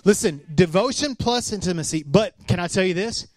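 A man's voice: high voice, brisk, no echo. A man in his thirties preaching a casual, conversational sermon, telling stories and acting out the quotes. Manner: storytelling, animated, acts out quotes. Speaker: pastor.

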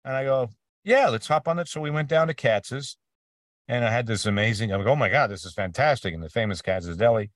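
A man's voice: medium pitch, expressive, fairly quick, no echo, studio quality, recorded from a distance. A man being interviewed about his voice acting career, telling stories with many restarts and acting out the people he quotes. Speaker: voice actor guest. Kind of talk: casual interview conversation.

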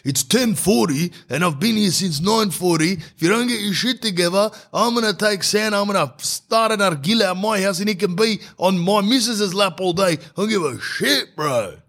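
A man's voice: high voice, lively intonation, moderate pace, hardly any pauses, a bit bright, pitched above the performer's own voice, exaggerated voice. A man voicing a rude, impatient man in a queue who swears and taunts. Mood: belligerent.

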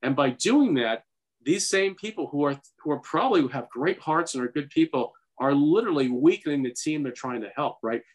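A dentist co-hosting a podcast for doctors speaks in a slightly high, animated voice at a fairly quick pace. In this casual advice chat, he offers earnest, urging guidance in long runs of talk.

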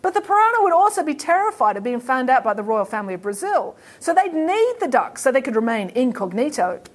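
A woman's voice: sits high, fast. Playful Australian woman telling a kids' story. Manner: playful, laughing, animated. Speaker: children's storyteller. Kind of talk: storytelling for kids.

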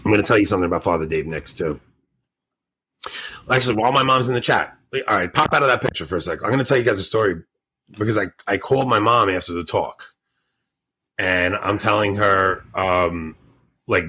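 A man co-hosting a podcast, telling excitable stories in casual chat, acting out his conversations and laughing often. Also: deep voice, fairly quick, slightly rough. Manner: excitable storyteller, acts out dialogue, laughs often. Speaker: podcast co-host.

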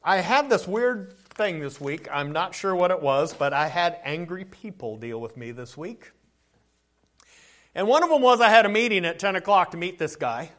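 Male pastor, sermon delivery, very high pitch, earnest, repeats himself. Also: expressive, moderate pace, a bit bright. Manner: earnest preaching, often restarts and repeats words.

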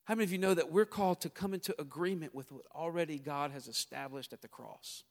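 Southern pastor preaching in a reverberant hall. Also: male voice, fairly high pitch, fast. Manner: preaching with swells from quiet storytelling to loud exhortation. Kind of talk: sermon.

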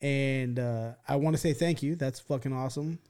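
A man's voice: medium pitch, normal speed, a little mellow. A man hosting a casual podcast chat, slangy, profane and teasing. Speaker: podcast host.

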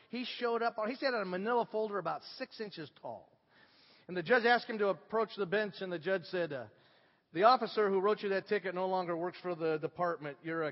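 A middle-aged man preaching a sermon, telling stories with lively swings from hushed to loud. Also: high voice. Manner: animated storytelling, swinging from hushed to shouting. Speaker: pastor. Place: church sanctuary. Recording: dull sound with long hall reverb.

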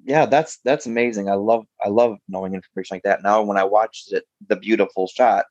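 A man's voice: fairly low pitch, fairly even intonation, fairly quick, a little mellow, no room sound. Male host, casual interview, dull dry lo-fi mic. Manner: enthusiastic, short agreeing interjections. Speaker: podcast host.

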